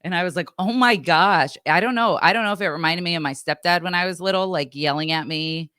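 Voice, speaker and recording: A woman's voice: lowish voice, fairly quick, smooth, no echo, clean studio sound. A woman podcast co-host chatting casually, rambling and acting out what people said. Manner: rambling, animated, acts out quotes. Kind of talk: casual storytelling chat.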